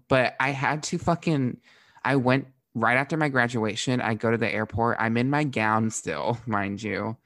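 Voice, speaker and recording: A young man from Florida, a drag performer hosting a podcast, telling stories in a casual, animated way with frequent swearing and laughter. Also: medium pitch, unhurried, no room sound. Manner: animated, profane, laughs often. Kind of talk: casual storytelling.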